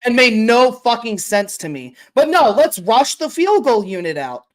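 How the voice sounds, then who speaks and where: Woman ranting, swearing, slightly high voice. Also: sing-song, moderate pace. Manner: profane, exasperated ranting. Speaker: podcast co-host. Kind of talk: casual sports podcast chat.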